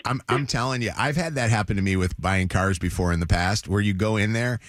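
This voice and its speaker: A middle-aged man hosting a morning radio show, telling a story in an animated, chatty way. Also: on the low side, a little fast, no echo, studio quality. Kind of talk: casual morning radio chat. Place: radio studio.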